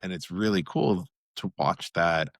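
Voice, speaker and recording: A man's voice: sits low, a little slow, fairly bright tone, no echo, clean studio sound. A man hosting a podcast interview, chatting in a friendly, easygoing way. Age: adult with children. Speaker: podcast host. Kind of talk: casual interview talk.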